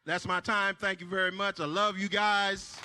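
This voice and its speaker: A man performing a stand-up comedy set, shouting his punchlines and dropping to low mumbled asides. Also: flat delivery, moderate pace. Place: church stage before a live audience. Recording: long hall reverb.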